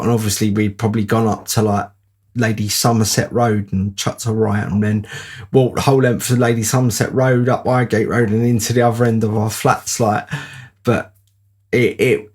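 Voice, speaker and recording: A man's voice: medium pitch, little pitch movement, normal speed, darkish tone, breathy edge. A man telling a rambling personal anecdote in a casual way. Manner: rambling, with fillers and laughs. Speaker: storyteller.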